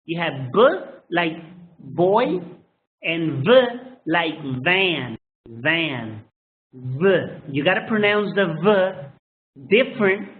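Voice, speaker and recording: Slow-talking man with a tinny phone-like sound. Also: a little high. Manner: slow, drawn-out modeling of sounds with frequent "okay?" checks. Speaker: English pronunciation teacher. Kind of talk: phonetics lesson.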